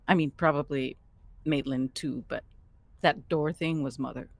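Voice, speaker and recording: A woman with a notably low voice plays in a tabletop game session. She thinks out loud, hesitating and pausing before each choice. The sound is dry and close to the mic. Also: fairly even intonation, creaky, no echo. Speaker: player. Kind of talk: casual tabletop play.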